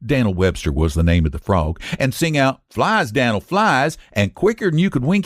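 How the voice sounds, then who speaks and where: A man's voice: fairly high pitch, no room sound, studio quality. A man reading a classic short story aloud as host, telling it in a folksy rural dialect. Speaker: story reader.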